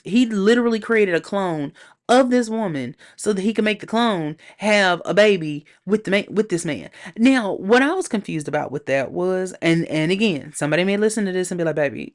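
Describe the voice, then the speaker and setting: Sassy, animated woman reviewer, lowish voice. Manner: animated, sassy, playful slang. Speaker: TV show reviewer. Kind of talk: casual solo review chat.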